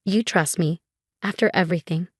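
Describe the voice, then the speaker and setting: A woman voicing a humbled older former executive who speaks quietly and earnestly in a narrated story. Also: fairly low pitch, normal speed, breathy edge, dry recording, studio quality. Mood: humble.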